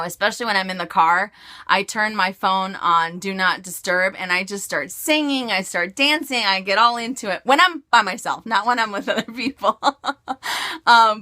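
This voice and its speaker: Bubbly giggly woman from california chatting to her viewers, crisp bright voice. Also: medium pitch. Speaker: beauty and fashion vlogger. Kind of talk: casual Q&A vlog.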